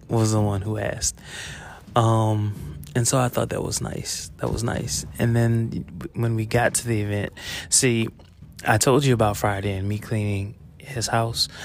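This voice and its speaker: Guy telling a story on his break, gravelly voice, lots of ums and laughs, swears a bunch, faint hiss behind. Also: lowish voice. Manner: chatty storytelling, frequent fillers and laughs, swears freely. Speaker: teacher. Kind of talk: casual confessional monologue. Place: school, on a break.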